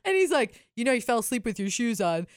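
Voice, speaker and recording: A woman's voice: fairly high pitch, big pitch swings, quick pace, no room sound. A woman in her thirties telling a story in casual chat, acting out the people in it.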